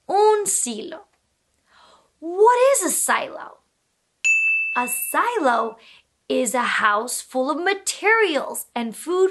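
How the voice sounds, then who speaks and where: A woman who is a bilingual speech therapist, teaching toddlers slowly in a sing-song, exaggerated way and making animal sounds. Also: sits high, fairly bright tone. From United States. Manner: sing-song, exaggerated, switches between English and Spanish.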